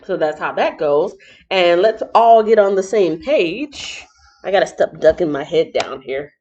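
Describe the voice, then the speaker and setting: A woman's voice: lowish voice, animated, unhurried, a little mellow. A woman from Texas hosting a casual live-stream Bible reading, chatty and playful as she greets her viewers. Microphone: laptop mic. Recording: dull lo-fi laptop audio.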